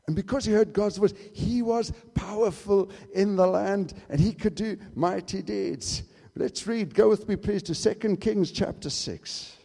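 High-voiced preacher in an echoing hall. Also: male voice, measured pace, creaky, breathy edge. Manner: emphatic, swinging from loud to hushed. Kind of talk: sermon. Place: church hall. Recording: reverberant hall.

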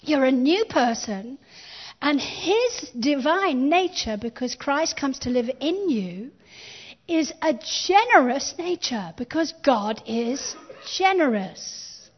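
A woman pastor delivers a sermon in a high, bright-sounding register, taking her time over each phrase. She stresses key words with rising emphasis and invites the congregation to speak along. The recording is dull and lo-fi, like a church capture. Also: big pitch swings, slow pace. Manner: emphatic preaching with call-and-response.

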